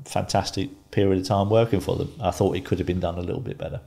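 A man in his fifties, a guest in an interview, calmly telling stories and laughing often. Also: low-pitched, fast, gravelly. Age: 50s. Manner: calm, laughs often while telling anecdotes. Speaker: guest, former footballer and pundit. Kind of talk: casual interview storytelling.

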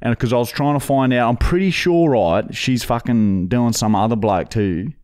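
A man's voice: medium pitch, moderate pace, darkish tone, close to an everyday voice. A man putting on a rambling, crude bloke for a prank phone call, swearing and stammering. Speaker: prank caller.

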